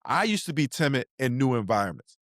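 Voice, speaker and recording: A man's voice: mid-range voice, sing-song, fast talker, fairly bright tone, no room sound, clean studio sound. A middle-aged man, telling slangy stories in a casual podcast chat as co-host. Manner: laid-back storyteller, slangy, acts out quotes.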